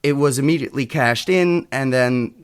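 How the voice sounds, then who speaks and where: A man's voice: mid-range voice, normal speed, smooth. A man from Europe co-hosting a podcast, rambling and profane, thinking aloud with restarts. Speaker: podcast co-host. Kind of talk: casual chat.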